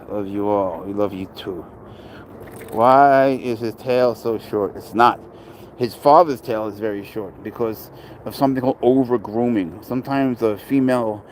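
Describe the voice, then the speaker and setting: A man's voice: medium pitch, darkish tone, a little hiss or hum, poor audio. A man casually chatting on a livestream about his pet, rambling and blunt, swearing freely as he reads and answers comments outdoors.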